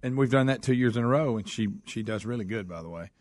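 A man's voice: medium pitch, a little mellow, no echo. A man co-hosting a radio show, telling stories in casual banter. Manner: quick storytelling.

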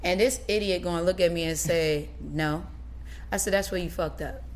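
A woman's voice: lowish voice, quick pace. A woman, a guest on a chat show, telling a story in casual talk and acting out what people said. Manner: animated storytelling with quoted dialogue.

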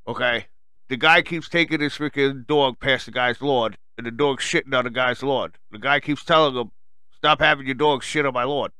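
A man rants furiously into the mic as host of his own radio show, cursing constantly and mocking the people he talks about. His voice is bright and forceful. The sound is dry and close. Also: mid-range voice, smooth, dry recording. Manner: angry, swearing, mocking quoted people. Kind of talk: profane rant.

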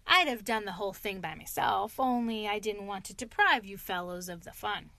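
A woman voicing a gruff, stubborn old male badger in a storybook reading, talking bluntly and emphatically. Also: mid-range voice, moderate pace, bright, forceful tone, no echo. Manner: blustering, emphatic.

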